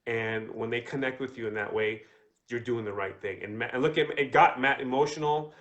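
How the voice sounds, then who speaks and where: Co-host, male, mid-pitched voice, rambling and enthusiastic, casual podcast. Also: a little fast, fairly bright tone, lo-fi sound. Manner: rambling, many fillers and restarts. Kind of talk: casual business chat.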